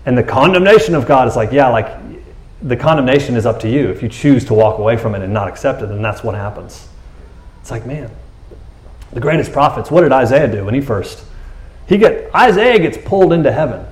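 Animated, conversational male preacher. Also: mid-range voice, brisk. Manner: animated, conversational, acts out characters. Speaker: pastor. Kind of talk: sermon.

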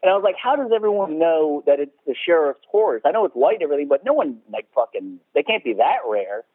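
Man podcast host, casual chat, laughs a lot, swears, slightly high voice, thin phone-like sound. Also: big pitch swings, quick pace, breathy edge, dry recording. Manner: swears freely, laughs often, acts out quotes.

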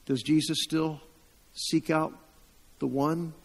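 A man preaching a sermon, retelling a story with quoted voices, rising louder at emotional peaks and dropping to hushed tones. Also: on the high side, little pitch movement, takes it slowly, creaky, big-room sound.

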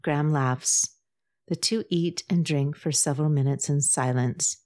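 A woman with a notably low voice narrates a novel. She keeps a measured, even storytelling pace and reads the characters' dialogue within the narration. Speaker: audiobook narrator. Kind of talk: scripted narration.

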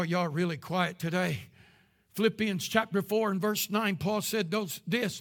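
An older man preaching a sermon as pastor to a live congregation, his passion swelling into shouts. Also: sits high. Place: church service before a live congregation.

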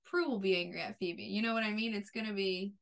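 A woman co-host talks through a TV episode in a relaxed, chatty way. Her voice sits at a middling pitch, and she strings scenes together in long runs that fade off softly at the ends. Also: fast, vocal fry. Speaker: podcast co-host. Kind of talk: casual chat recapping a TV episode.

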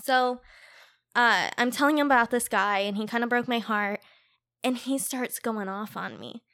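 Woman podcast guest, bright and a touch high, chatty storyteller with lots of "like". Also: normal speed. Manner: chatty storyteller, frequent "like" fillers, laughs easily. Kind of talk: casual podcast chat.

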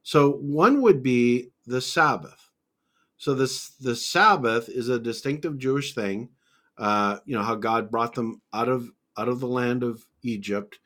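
A man's voice: medium pitch, a little slow, a bit bright. A man teaching on a Bible podcast, methodical and conversational, laying out points one by one with scripture references.

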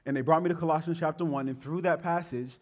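A man in his thirties, a pastor leading prayer and then telling stories to his congregation in an animated, conversational way. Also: on the high side, fast. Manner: animated, conversational preaching with playful asides to the congregation. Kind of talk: sermon with prayer and storytelling.

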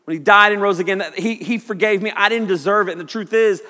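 High bright-voiced male preacher. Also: fast talker. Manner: animated storytelling, shouts quoted lines. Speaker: pastor. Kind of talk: sermon with personal story. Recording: long hall reverb.

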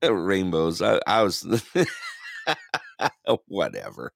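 Man, talk show host, rambling, laughing, unhurried, lively pitch, dry studio sound, faint music behind. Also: gravelly, no echo. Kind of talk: casual online radio talk.

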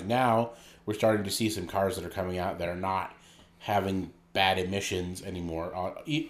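A man co-hosting a podcast in casual, joking chat, laughing often and talking animatedly. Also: on the low side. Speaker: podcast co-host.

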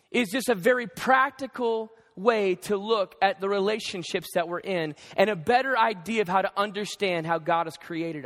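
A male pastor preaching a sermon, animated and conversational, acting out bits of dialogue. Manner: animated, acts out dialogue with shifting pitch. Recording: long hall reverb.

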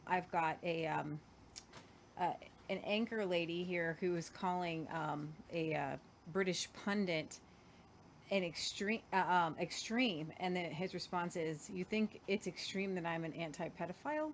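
A woman's voice: lowish voice, a little hiss or hum. A woman co-hosting a casual weekly news show, rambling and hesitant as she lays out the stories. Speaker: co-host.

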